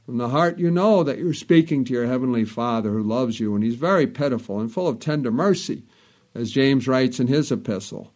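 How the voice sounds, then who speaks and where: A man delivers a sermon in a middle-pitched voice. He speaks in a measured way, reads scripture in old wording and grows more fervent when he reaches the prayers. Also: darkish tone. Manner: measured preaching, quoting King James scripture with rising fervor. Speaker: preacher.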